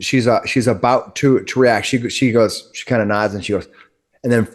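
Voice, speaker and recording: A man narrating as game master in a tabletop game, halting and restarting often. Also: mid-range voice, fairly even intonation. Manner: halting, many repeated restarts.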